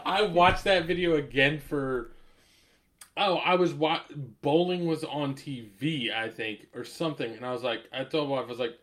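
A man's voice: a little high, moderate pace. Chatty man telling stories with laughs. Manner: animated storytelling, laughs often, swears. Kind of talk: casual chat.

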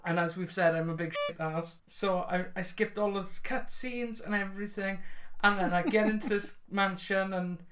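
A man's voice: sits high, fairly even intonation, normal speed, hardly any pauses. A man co-hosting a casual podcast, self-mocking and laughing often. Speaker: podcast co-host. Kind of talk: casual chat.

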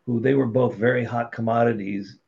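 A man's voice: mid-range voice, brisk, creaky. A middle-aged man telling blunt, profane stories about his career as a podcast guest. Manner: blunt, profane, animated storytelling. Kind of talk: casual storytelling. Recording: dull lo-fi sound.

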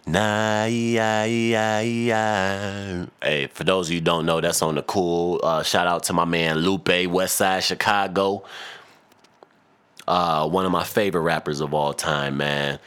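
Deep-voiced profane podcast host ranting. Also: male voice, steady tone, moderate pace, a bit bright. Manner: profane, rambling, mimics rappers for laughs. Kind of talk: solo podcast rant.

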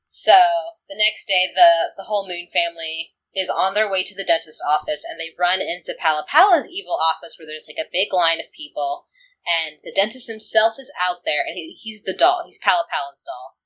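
A woman's voice: on the low side, normal speed, a bit bright, rough recording. A woman co-hosting a podcast, chatting casually with lots of "like" fillers and frequent laughter. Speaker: podcast co-host. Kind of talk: casual podcast chat recapping an anime.

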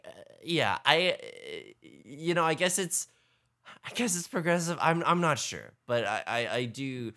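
A woman co-host in a loose movie chat, circling her point with fillers and restarts. Her pitch rises and falls a lot as she goes, never quite settling. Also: expressive, measured pace, a bit bright. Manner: rambling, many fillers and restarts. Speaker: podcast co-host.

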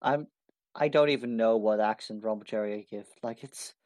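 A man's voice: lowish voice, moderate pace, darkish tone. A man in casual tabletop game chat, using a slightly posh voice, eager and full of rules questions. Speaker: player.

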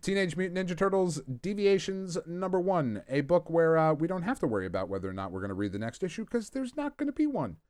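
A man's voice: a little high, sing-song, fast, hardly any pauses, a little mellow, dry recording, clean studio sound. Casually swearing male podcast host. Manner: rambling, swears casually, self-mocking. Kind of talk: casual chat, comic book review. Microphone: podcast microphone.

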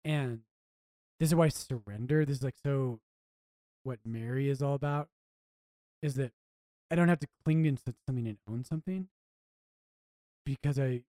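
A man's voice: mid-range voice, normal speed, long pauses, dark tone, no echo. A man, a priest co-hosting a podcast, talking earnestly and reflectively, often restarting his phrases. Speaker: priest co-host.

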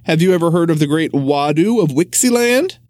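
A man's voice: a little high, lively intonation, fairly quick, darkish tone, no room sound, pitched above the performer's own voice, lightly acted. A man voicing a cheerful, clever boy traveler in a read-aloud storybook, upbeat and reassuring. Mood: eager.

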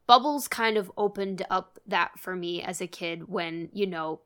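A young woman with a bright, ringing voice chats casually on a podcast. She gushes and giggles, dropping casual swears along the way. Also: on the low side, unhurried. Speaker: podcast co-host. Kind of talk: casual chat.

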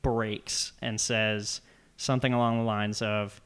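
A young man chatting casually, retelling a story with animated, loud acted-out quotes. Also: lowish voice, slow, clear, resonant tone. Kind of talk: casual chat.

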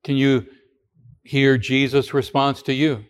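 A man's voice: medium pitch, a little slow. A man giving a radio sermon as pastor, talking in a conversational way with rhetorical questions and frequent restarts.

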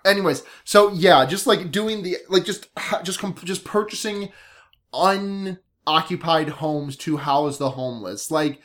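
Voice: medium pitch, measured pace, fairly bright tone. Young adult, casual podcast co-host, rambling, stumbles and restarts. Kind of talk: casual chat.

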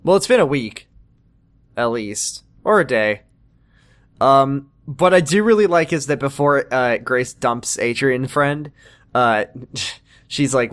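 A man's voice: medium pitch, slow pace, a bit bright. A man co-hosting a casual chat about a TV show. He jokes and acts out the characters' lines, and he laughs often. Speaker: podcast co-host.

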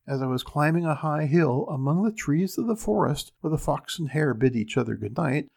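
A man voicing a weary royal messenger recounting his journey in a storybook reading, with a husky voice. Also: fairly high pitch, lively intonation, normal speed, darkish tone, full character voice.

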